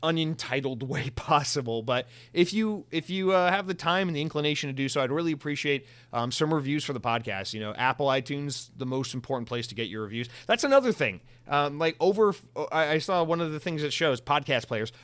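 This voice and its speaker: A man's voice: fairly high pitch, a bit bright, no echo. A young man hosting a solo podcast, talking casually in a sarcastic, rambling, self-mocking way. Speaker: podcast host.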